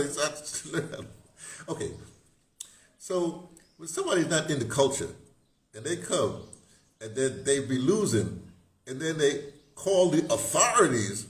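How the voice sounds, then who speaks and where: A man's voice: on the high side, big pitch swings, a little slow, pauses often. A man talking casually to camera, rambling and chuckling at his own jokes. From United States. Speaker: vlogger. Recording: roomy echo with faint noise.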